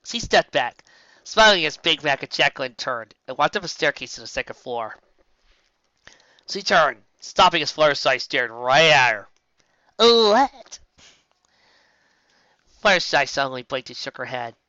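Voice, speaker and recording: A woman narrating a fan story aloud in an expressive amateur audiobook reading, recorded on a dull lo-fi home setup. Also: very deep voice, normal speed, dry recording. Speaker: fanfiction reader.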